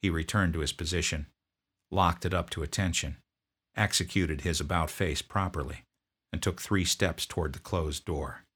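A man who served as a drill sergeant, telling a story from his service in a gruff, blunt way. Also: deep voice, normal speed, fairly bright tone. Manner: gruff, barking commands when quoting himself. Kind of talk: storytelling narration.

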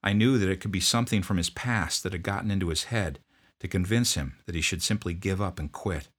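A man who served as a drill sergeant, telling a story from his service in a gruff, blunt way. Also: low-pitched, brisk. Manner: gruff, barking commands when quoting himself. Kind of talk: storytelling narration.

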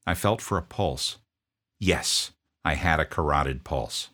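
A man narrating a first-person account of an emergency call, in a steady, measured telling. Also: rumbling low. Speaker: first responder recounting a call.

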